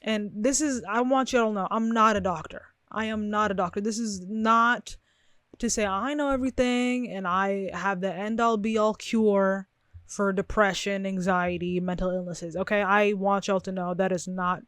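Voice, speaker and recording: A woman's voice: medium pitch, steady tone, moderate pace, fairly bright tone, dry recording. Chatty young woman, dry close sound. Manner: chatty, rambling, self-reflective, laughs often. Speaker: vlogger. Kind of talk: casual chat to camera. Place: her bedroom setup.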